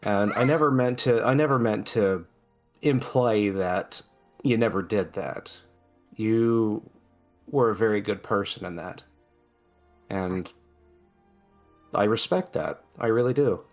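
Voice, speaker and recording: A man voicing Soren, an earnest, apologetic man who talks haltingly and says "aye". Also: on the low side, soft background music.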